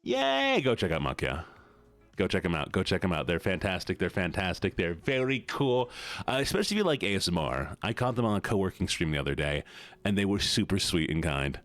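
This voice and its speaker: Low, lively man streaming. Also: brisk, no room sound, faint music behind. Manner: animated, playful, teasing. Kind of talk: casual live-stream chat.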